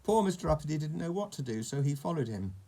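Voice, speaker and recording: A man's voice: on the high side, lively intonation, fast talker, warm tone. A man reading a children's storybook aloud, with chatty asides to a young listener about the pictures.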